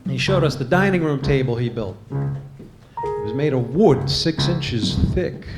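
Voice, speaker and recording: A man's voice: medium pitch, animated, a little slow. A man giving a live literary reading in a bookshop room, with hesitant, self-deprecating asides. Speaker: reader. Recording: live reading over guitar music.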